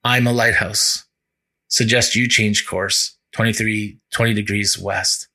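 A man voicing a calm, unyielding male lighthouse keeper who answers in a low, deliberate way within a sermon story. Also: exaggerated voice. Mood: calmly firm.

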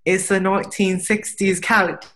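A man's voice: sits high, little pitch movement, a little slow, sharp tone, pitched above the performer's own voice. A podcast host putting on a chatty Australian man who brags about a street couch. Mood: boastful.

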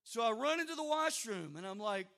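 A middle-aged man preaching as pastor, telling stories with humorous asides and sudden loud outbursts. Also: very high-pitched, very animated, a little fast, gravelly. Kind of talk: sermon.

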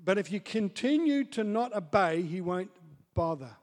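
A man preaching a sermon as pastor, dropping to soft asides and building up to loud, excited storytelling. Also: sits high, normal speed. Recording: long hall reverb.

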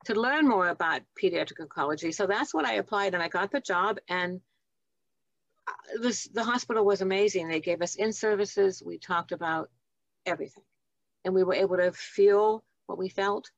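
A nurse and author in her seventies, guesting on an interview show, shares reflective, heartfelt stories from her nursing life. Her voice is gravelly and medium-pitched at a normal speed, with no room sound and lo-fi audio.

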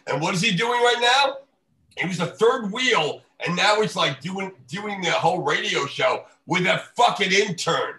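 Profane ranting man on a podcast. Gravelly, bright edge, animated delivery, roomy echo. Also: high-pitched, normal speed. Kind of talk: casual podcast chat.

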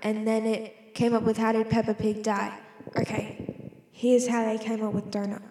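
Here a woman's fairly high, darkish voice stays monotone at a moderate pace. She's a student rambling playfully to herself, constantly interrupting her own train of thought, and the room is echoey with a long reverb.

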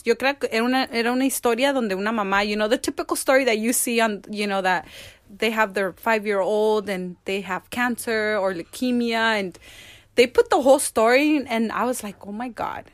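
A woman's voice: fairly high pitch, a little fast, no echo. Emotional bilingual woman. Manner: emotional, switches between English and Spanish. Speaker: guest. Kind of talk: personal interview conversation.

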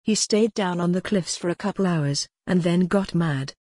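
A woman reading a children's adventure story aloud in a calm, even storytelling manner. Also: lowish voice, normal speed, husky, no room sound, studio quality. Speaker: audiobook narrator. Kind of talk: scripted storybook narration.

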